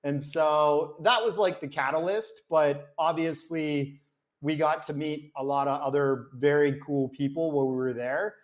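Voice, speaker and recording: Filmmaker guy chatting in an interview, kinda high voice, animated, acts out convos. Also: a little slow. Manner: animated storyteller, acts out dialogue, many fillers. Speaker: documentary filmmaker. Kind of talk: casual interview chat.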